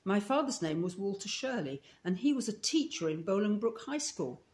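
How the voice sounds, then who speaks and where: A woman with a Scottish accent reads a storybook aloud, voicing a chatty, romantic eleven-year-old orphan girl who gushes in breathless run-on talk. Her natural, mid-range voice is expressive and somewhat dark, at a normal speed.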